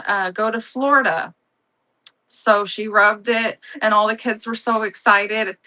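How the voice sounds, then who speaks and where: A woman's voice: mid-range voice, steady tone, normal speed, bright, forceful tone. A woman hosting a live online auction, chatting and gushing over her items as she rambles between sales. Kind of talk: casual live-selling chat.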